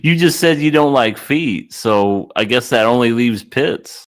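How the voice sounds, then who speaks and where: A man co-hosting a podcast in casual chat, pushing back on the others with wry, deadpan remarks. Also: mid-range voice, a little slow. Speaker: podcast co-host.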